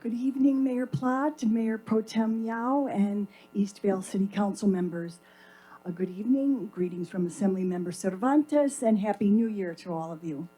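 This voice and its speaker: A woman's voice: mid-range voice, moderate pace, mellow, slightly rough, soft background music, rough recording. A woman speaking as a legislative staff representative, giving a polite, formal update with a few hesitations. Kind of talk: formal public statement. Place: council chamber.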